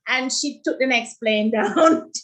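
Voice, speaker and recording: A middle-aged woman, a nurse telling her story as an interview guest in a heartfelt, animated way. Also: high-pitched, slow, poor audio. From Jamaica. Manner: heartfelt, animated when quoting others.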